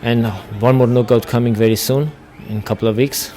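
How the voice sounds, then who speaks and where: Flat-voiced Armenian-accented man. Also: medium pitch, fairly quick. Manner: broken English, blunt and confident. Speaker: boxer, interview guest. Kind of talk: casual interview.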